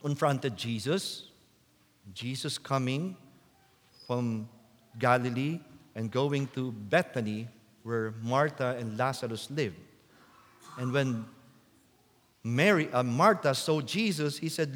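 Slow-preaching priest in a reverberant church. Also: male voice, medium pitch. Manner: slow and deliberate, rising to loud emphatic quotes. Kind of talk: sermon.

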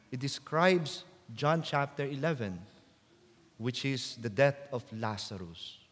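A man preaching a sermon as a priest, slow and deliberate, rising to loud emphatic quotes. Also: medium pitch. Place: church. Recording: long church reverb.

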